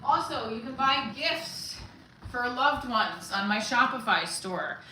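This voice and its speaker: A woman's voice: fairly high pitch, takes it slowly, bright, forceful tone, a little hiss or hum. A woman hosting a casual livestream, cracking profane, rambling stand-up jokes. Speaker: livestream host. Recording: roomy echo.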